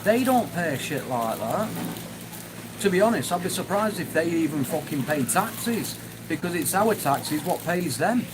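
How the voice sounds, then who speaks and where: A man's voice: on the high side, sing-song, measured pace, noisy background. Angry swearing man ranting. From United Kingdom. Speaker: livestream host. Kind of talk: ranting live chat.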